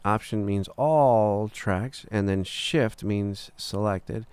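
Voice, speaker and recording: A man teaching a recording workflow in a screen-recorded tutorial, relaxed and casual, talking through each step with filler words and the odd "boom". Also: slow, smooth, no echo. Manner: relaxed, talks through steps as he clicks, frequent "uh" and "boom". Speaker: recording engineer teaching software.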